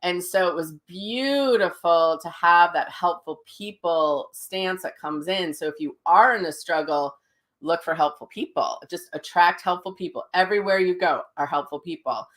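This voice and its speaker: A woman's voice: fairly low pitch, normal speed, a bit bright. A middle-aged woman hosting a casual livestream as a psychic medium, telling stories with lots of ums and restarts. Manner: chatty storytelling with many fillers and restarts.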